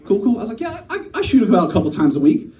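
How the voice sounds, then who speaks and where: A man in his thirties performs stand-up comedy, telling stories in a lively voice that swings widely in pitch and slips into the voices of the people in them. His voice sits high for a man. The mic picks him up from a distance in a small room. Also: rapid-fire, lo-fi sound. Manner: animated storytelling, acting out voices. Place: small live venue.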